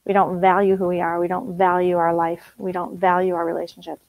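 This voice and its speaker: A woman's voice: on the low side, flat delivery, a little fast, dry recording, phone-quality sound. A middle-aged woman teaching a spiritual group, blunt and emphatic, laughing often.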